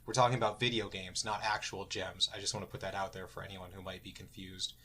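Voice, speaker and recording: A man's voice: deep voice, little pitch movement, fast talker, bright, forceful tone, a little hiss or hum. A young man co-hosting a casual podcast, playful and joking. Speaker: podcast co-host. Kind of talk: casual chat.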